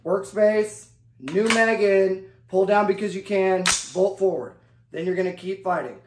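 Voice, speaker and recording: A man with a high voice gives a firearms lesson, calling out each step in a drill-like rhythm and tagging "okay?" after the steps. The sound rings with a lot of echo around him. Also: a little slow, background noise. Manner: drill-like, repeats "okay?" and key phrases. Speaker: firearms instructor. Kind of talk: instructional demonstration.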